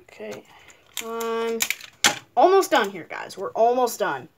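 A woman's voice: on the high side, very animated, takes it slowly, background noise. A woman hosting a casual paper-craft tutorial at home, chatty and playful, with rambling asides. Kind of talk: casual how-to narration.

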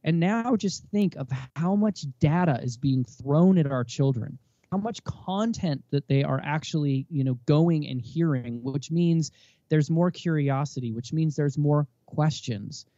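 A man in his thirties, a podcast guest and parent, talking in an emphatic, animated way with preachy bursts, on a dull lo-fi recording. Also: a little high, unhurried, no echo. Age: 30s. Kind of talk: casual interview talk.

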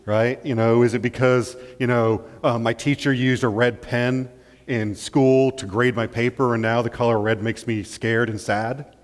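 A male pastor preaching a sermon in an animated way, acting out little scenes and often checking in with "right?". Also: medium pitch, moderate pace. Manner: animated, acts out scenes, keeps asking "right?". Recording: long church-hall reverb.

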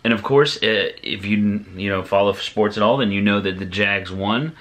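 Low-voiced dad rambling to camera. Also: male voice, normal speed. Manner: relaxed and rambling, with many ums and restarts. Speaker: father and family vlogger. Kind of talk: casual vlog talk to camera.

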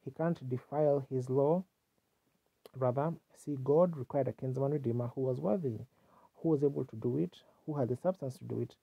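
A man delivers a fervent sermon, his voice gravelly and a little husky. The sound is dull and lo-fi, like an old archival tape, and close and dry with no room around it. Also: mid-range voice, a little fast, dry recording. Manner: fervent preaching with exclamations. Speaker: preacher.

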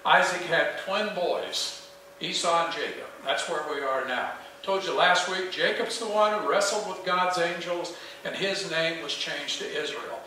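A man's voice: fairly high pitch, measured pace, sharp tone, slight background noise. A man preaching a sermon as pastor, earnest and emphatic, asking the congregation questions. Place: small church sanctuary. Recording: echoey church heard from a distance.

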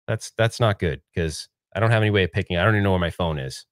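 A man's voice: low voice, fast talker. A man in his forties hosting a casual livestream, rambling in an upbeat way and often trailing off and restarting his sentences. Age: 40s. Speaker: livestream host.

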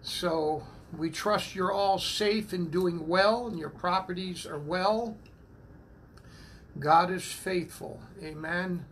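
A man, a church minister, greeting viewers one by one on a phone livestream from home, slowly and warmly calling out amen and praise the Lord between names. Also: sits high, fairly even intonation, a little hiss or hum. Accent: New England. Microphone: phone propped up.

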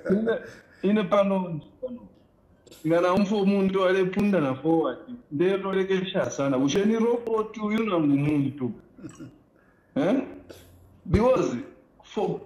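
A man's voice: high voice, a little mellow, reverberant, poor audio. A man chatting casually, complaining and switching between languages. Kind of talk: casual chat.

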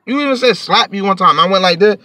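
A man's voice: high voice, animated, quick pace, pushed and bright, no room sound. A man telling a storytime to his vlog audience in a heated, profane, rambling rant, sitting a bit back from the mic.

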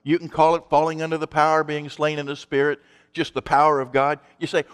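A man's voice: a little high, monotone, a little fast, fairly bright tone, clean tone, long reverb tail. A male pastor preaching a sermon in an emphatic, conversational way, asking his congregation rhetorical questions.

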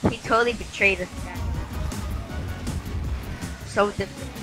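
A young woman giving excited gameplay commentary, yelping and shouting at the game as she plays. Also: medium pitch, unhurried. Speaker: gamer. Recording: faint game music behind.

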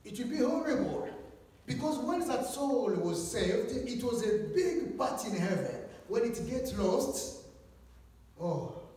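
A high-voiced man preaching in a big, echoing church hall, heard from some way off the mic. He talks with animated swings, rising loud and then dropping to hushed lines. The long reverb hangs behind every phrase. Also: slow pace, far from the mic. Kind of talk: sermon.

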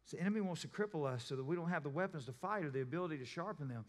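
Speaking very fast with an expressive, somewhat high voice, this pastor preaches by storytelling, slipping into the voices of his characters. He's an adult and a parent, heard in a church sanctuary with long reverb and faint music.

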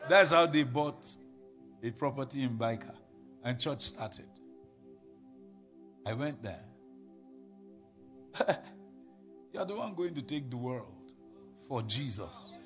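A Nigerian pastor preaching a sermon, telling stories and quoting people in put-on voices, building to laughing shouts. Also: male voice, mid-range voice, lively intonation, slow, long pauses, soft background music.

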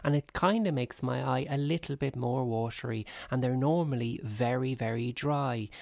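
A man's voice: medium pitch, moderate pace, vocal fry, a little mellow, dry recording, studio quality. A man co-hosting a podcast in casual comedic chat, joking and teasing, stumbling over names as he reads. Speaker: podcast co-host.

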